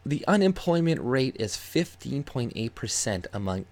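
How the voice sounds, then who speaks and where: A man's voice: medium pitch, big pitch swings, moderate pace, few pauses. A man ranting angrily and sarcastically with heavy swearing while reading out and reacting to a news article. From Canada. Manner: angry, profane, sarcastic ranting. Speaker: YouTube commentator.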